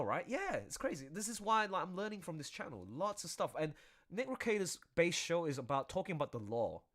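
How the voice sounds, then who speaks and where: Rambling, animated man chatting on stream. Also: fairly high pitch. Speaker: artist streaming while drawing. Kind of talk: casual chat.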